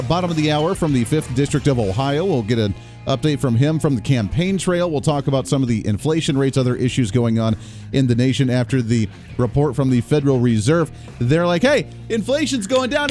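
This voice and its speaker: A man hosting a live talk radio show, delivering an energetic, sarcastic monologue from a radio studio. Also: medium pitch, no room sound. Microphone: studio microphone.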